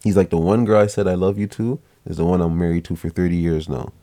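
A young man with a low, mellow voice tells a family story in a loose, rambling way. He swears casually and slips into the voices of the people he quotes. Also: fast.

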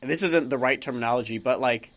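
A man's voice: medium pitch, fast talker, fairly bright tone. A young man co-hosting a casual podcast chat, rambling with lots of fillers and restarts. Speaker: podcast co-host.

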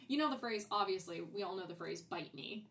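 A woman's voice: medium pitch, a little fast, creaky. A young woman hosting a podcast, chatting casually, laughing often and swearing freely. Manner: giggly, profane, animated. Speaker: podcast host.

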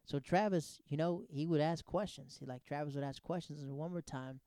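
A man in his thirties telling personal stories in a casual, animated, digressive way, often restarting his sentences. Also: fairly high pitch, a little fast, dry recording, clean studio sound. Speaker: storyteller. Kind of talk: casual anecdotal storytelling.

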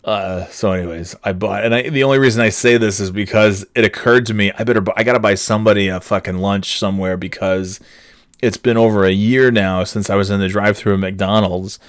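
A man's voice: fairly low pitch, steady tone, brisk, no echo, studio quality. A man hosting his podcast alone, rambling in a casual, profane, sardonic way with plenty of fillers. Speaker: podcast host. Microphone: headphones on, podcast microphone.

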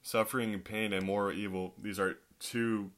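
A man's voice: lowish voice, fairly even intonation, normal speed, a bit bright. A man giving an earnest, conversational teaching talk on faith, acting out little scenes with raised quoted voices. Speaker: Christian teacher.

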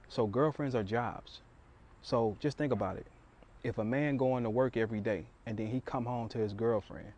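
A man's voice: mid-range voice, a little mellow. A man giving a blunt, provocative opinion monologue straight to his viewers. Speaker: commentator addressing viewers.

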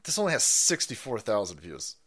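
A man's voice: on the low side, huge pitch swings, fairly quick, fairly bright tone. A man hosting a live stream, ranting heatedly and mockingly with lots of swearing. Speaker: stream host. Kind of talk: profane ranting commentary.

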